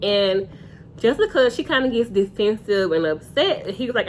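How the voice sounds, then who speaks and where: A woman's voice: medium pitch, animated, normal speed, slight background noise. A young woman giving a casual, opinionated reality TV recap straight to her viewers on a phone camera. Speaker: reality TV reviewer.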